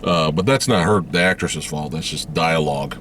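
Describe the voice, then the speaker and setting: A man hosting a casual movie review vlog, swearing freely and acting out scenes in high mocking voices. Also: moderate pace, a bit bright, slight background noise. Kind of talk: casual spoiler review chat.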